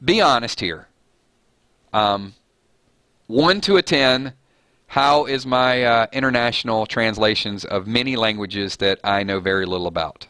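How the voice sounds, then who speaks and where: A man's voice: fairly low pitch, measured pace, pushed and bright, dry recording. A man hosting a casual live chat stream, rambling and laughing at his own jokes.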